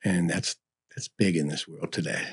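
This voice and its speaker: A slightly rough, low voice with a steady tone and moderate pace. This middle-aged man runs a barbecue business and, guesting in a casual interview, tells rambling homespun stories stuffed with "you know."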